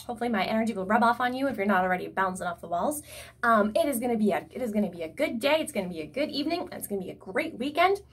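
A young woman with an energetic, bubbly manner, reading her own children's story aloud. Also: on the high side, racing, slightly rough. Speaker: storyteller and author.

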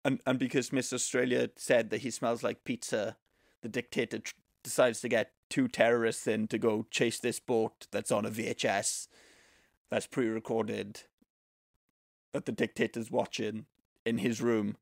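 A man with a gravelly, creaky voice walks through a movie's plot on a podcast, one scene after the next. He talks casually into a close mic, and the sound is dry with no room behind it. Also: medium pitch, flat delivery, normal speed, no echo. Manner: retells the plot at length, laughing at it. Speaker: podcast co-host. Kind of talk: casual movie recap chat.

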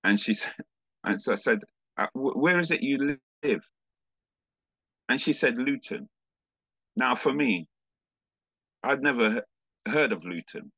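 A man, a pastor, telling a personal testimony as a sermon in an easygoing storytelling way, halting now and then with small fillers. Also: mid-range voice, expressive, vocal fry, fairly bright tone, breathy edge, no echo, dull audio.

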